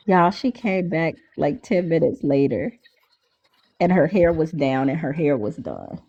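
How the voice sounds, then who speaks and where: A woman host in casual chat, telling stories in an animated way and talking straight to her listeners. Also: low voice, moderate pace, slightly rough. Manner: animated storyteller, addresses listeners as y'all. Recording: dull lo-fi audio.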